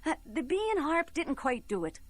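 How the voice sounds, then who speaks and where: A woman's voice: sits high, sing-song, normal speed, dry recording, pitched above the performer's own voice. A woman voicing Jack, an earnest young country lad, eager and plain-spoken.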